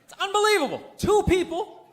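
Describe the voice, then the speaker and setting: A middle-aged man performing a stand-up comedy set, ranting loudly and breaking into sudden shouts. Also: very high voice, big pitch swings, fairly quick.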